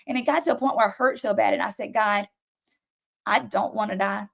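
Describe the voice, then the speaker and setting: A woman's voice: medium pitch, moderate pace, creaky, pauses often. A young adult woman giving an emotional personal testimony as a talk show guest, acting out frantic voices and pleas as she tells it. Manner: emotional, vivid storytelling with acted-out pleas. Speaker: guest telling her story.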